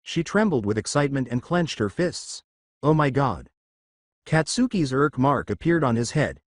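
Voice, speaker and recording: A man narrating a fan fiction story with an expressive reading. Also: mid-range voice, normal speed, dry recording, studio quality.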